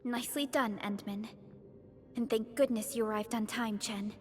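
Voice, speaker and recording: Woman doing a serious game supervisor girl, formal and flat, far off with a long echo. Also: fairly high pitch, moderate pace, close to an everyday voice. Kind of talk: game voice acting. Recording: quiet game audio with reverb.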